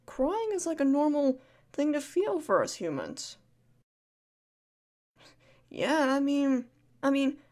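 A woman speaks in a whispered role-play as a comforting friend. Her voice sits a little high and moves slowly and gently, drifting between soft speech and hushed shushing. She repeats reassuring words in a calm, soothing way. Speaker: ASMR creator playing a caring friend.

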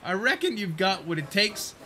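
A man's voice: high voice, big pitch swings, moderate pace, bright, forceful tone, a little hiss or hum, voice pushed up, exaggerated voice. A man voicing a cocky male skeleton pirate sailor in a put-on British pirate accent, teasing and swaggering. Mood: menacing banter. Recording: game music behind.

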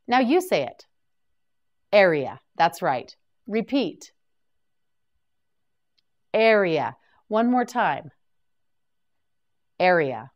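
A woman leads a vocabulary drill at a very slow, careful pace. Her voice sits a little low, yet her pitch moves a lot and rises and falls as she repeats each word. She sounds like a patient teacher prompting learners to say each word after her. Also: big pitch swings.

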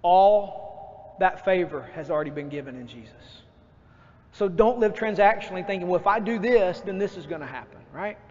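A man preaching a sermon as pastor, lively and acting out his own outbursts. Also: high voice, normal speed. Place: church sanctuary. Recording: dull church recording with long reverb.

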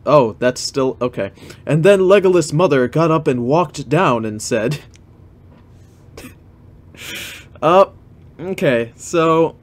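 A man streaming live, reading fan fiction aloud with joking, incredulous commentary and some swearing. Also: mid-range voice.

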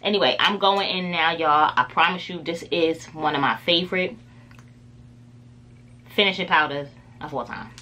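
A woman's voice: low-pitched, moderate pace, long pauses, pushed and bright. A woman beauty vlogger chatting casually through a makeup tutorial, rambling with lots of filler words.

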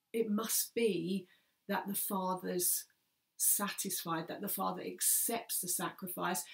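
A woman's voice: lowish voice, creaky. A woman pastor preaching an earnest sermon, repeating key phrases for emphasis and sometimes dropping almost to a whisper.

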